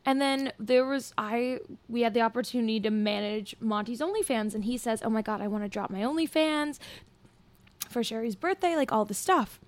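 A woman's voice: a little high, moderate pace, dry recording. A young woman in a casual podcast chat, telling a story with lots of filler words. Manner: chatty, filler-heavy storytelling. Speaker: podcast guest.

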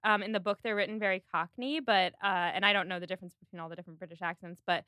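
A woman hosting a podcast in casual chat, animated and quoting characters as she goes. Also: mid-range voice, racing, no room sound, clean studio sound. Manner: animated, quotes characters in voices. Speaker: podcast host.

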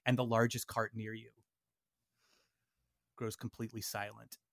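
A man narrating a tabletop game as game master, playful and quick to slip into little voices. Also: on the low side, flat delivery, creaky, no room sound.

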